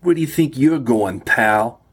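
A man's voice: medium pitch, lively intonation, measured pace, breathy edge, voice pushed up. Man doing a burly New York security guard. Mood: challenging. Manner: brusque, tags lines with "yeah?". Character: hulking burly male security guard, mocking.

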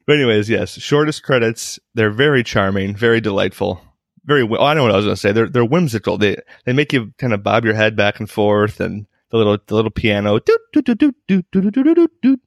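A man's voice: on the low side, fast talker, dry recording, studio quality. A man co-hosting a podcast in casual banter, rambling with restarts and laughing often. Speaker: podcast co-host. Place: home.

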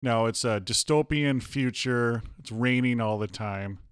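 A man's voice: medium pitch, unhurried, smooth, no room sound, clean studio sound. A man co-hosting a casual movie review chat, firing off teasing questions.

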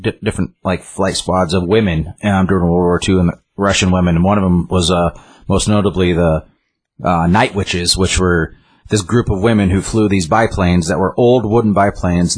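A man's voice: low-pitched, husky. A man casually retelling a book's story in a rambling way, with many restarts and fillers. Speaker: book reviewer.

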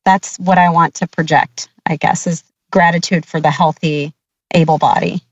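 A woman joins the conversation as a guest, her low-pitched voice coming through a dull, lo-fi line. She speaks thoughtfully and a little hesitantly. The sound is dry, with no room around it. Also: steady tone, moderate pace, no room sound. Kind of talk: casual conversation.

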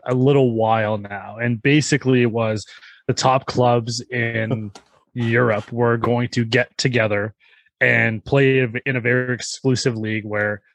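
A man's voice: medium pitch, no room sound. Male co-host, chatty explainer, meandering delivery, dead-dry recording. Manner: rambling explainer, teasing, many fillers. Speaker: podcast co-host. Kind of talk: casual podcast chat.

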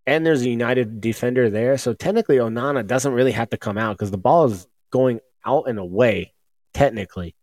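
A man's voice: medium pitch, fairly quick, darkish tone, no echo. A man guesting on a sports talk show, speaking in a loose, rambling way with lots of restarts. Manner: rambling, many restarts and fillers. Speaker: podcast guest. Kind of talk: casual sports chat.

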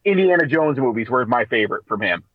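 A man co-hosting a radio talk show, telling stories in a casual, animated way and laughing as he goes. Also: mid-range voice, quick pace, no echo, narrow, tinny audio. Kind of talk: casual storytelling chat.

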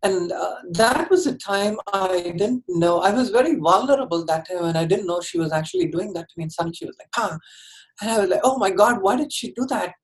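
A woman telling her personal story in an interview, candid and earnest, often halting and restarting her sentences. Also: lowish voice, rough recording.

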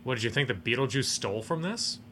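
A man's voice: mid-range voice, lively intonation, quick pace, a bit bright, a little hiss or hum. A man co-hosting a podcast, chatting casually about a movie in an analytical, sardonic way. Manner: analytical, hedging, sardonic asides. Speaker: podcast co-host. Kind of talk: casual movie review chat.

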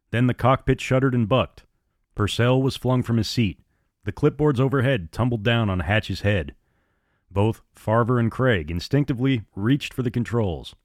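A man narrating a story in a measured, descriptive way. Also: on the low side, no echo, clean studio sound.

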